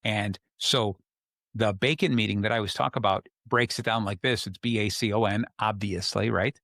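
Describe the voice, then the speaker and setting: A man's voice: fairly low pitch, fairly even intonation, normal speed, creaky, fairly bright tone, no echo, studio quality. A man hosting a podcast, talking through relationship advice in a conversational way and acting out what people say. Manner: conversational, acts out quoted people. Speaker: host. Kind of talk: casual advice talk.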